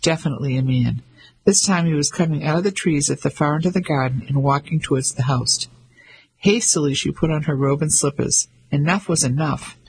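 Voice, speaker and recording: A man reading an audiobook as narrator, with measured storytelling. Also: a little high, vocal fry, husky, rough recording. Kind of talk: scripted narration.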